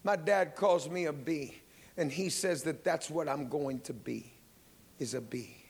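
A gravelly, husky male preacher with a high voice, delivering a sermon slowly. He moves from hushed storytelling to shouted praise and bursts of tongues. His voice rings through a church hall with a long reverb.

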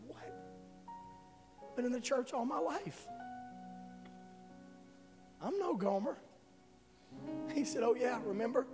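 A man preaching a sermon, telling an emotional testimony that swells to loud passionate peaks. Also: very high voice. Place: church sanctuary. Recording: live hall with reverb and faint music.

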